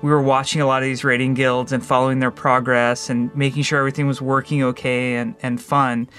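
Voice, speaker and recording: A man reflects on his favorite moments in an interview, thoughtful and a little halting, restarting his sentences now and then. His pitch is medium, and faint music sits in the background. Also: little pitch movement, fairly bright tone. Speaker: game designer.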